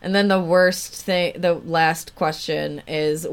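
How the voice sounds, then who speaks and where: In a deep, clean voice that stays steady and runs a little slow, a young woman co-hosting a podcast reads questionnaire answers aloud. The talk is casual, full of swearing and laughing remarks.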